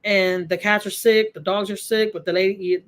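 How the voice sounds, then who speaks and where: A woman's voice: medium pitch, fairly even intonation, moderate pace. A middle-aged woman, hosting a casual livestream from home, chatting with viewers in a heartfelt way and repeating phrases for emphasis. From Texas. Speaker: livestream host. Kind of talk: casual livestream chat answering viewer comments.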